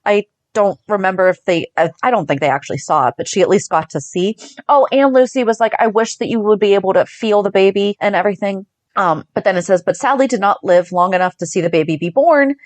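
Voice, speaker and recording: A woman in her thirties, a podcast co-host chatting about a soap opera, telling the story fast and acting out the lines. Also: medium pitch, expressive, no echo. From Northeastern US. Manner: chatty storyteller, acting out quotes, laughing often. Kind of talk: casual chat recapping a soap opera.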